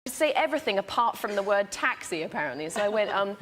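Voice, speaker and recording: A woman's voice: medium pitch, fast talker, slight background noise. A woman telling anecdotes as a talk show guest, acting out the people in her stories. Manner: animated storyteller acting out characters.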